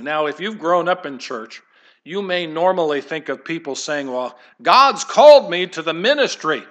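A male pastor delivers a sermon in church with a slightly higher-than-average voice. His preaching is conversational and digressive, turning aside to chat with the congregation and even the children. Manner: conversational, digressive, addresses kids and congregation directly.

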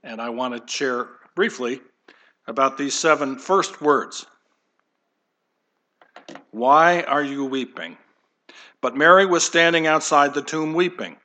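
A man's voice: fairly high pitch, normal speed, pushed and bright. A man preaching a conversational sermon to his congregation, with light humor and asides. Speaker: pastor.

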